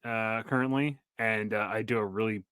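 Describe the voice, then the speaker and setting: A man co-hosting a podcast in a casual chat, tossing out deadpan jokes. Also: lowish voice, moderate pace, clean tone, dry recording. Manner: joking, deadpan asides. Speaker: podcast co-host.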